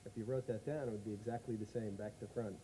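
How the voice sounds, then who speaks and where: Mellow-voiced American guest explaining patiently. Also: male voice, fairly low pitch, steady tone, fast, slight background noise, rough recording. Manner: genial, explains things patiently. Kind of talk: chat show interview. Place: studio with live audience.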